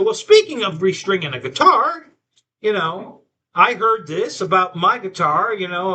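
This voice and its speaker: A man's voice: sits high, pushed and bright. A man hosting a live stream, rambling through a story with lots of restarts and quoted back-and-forth. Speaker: host. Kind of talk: casual live-stream chat.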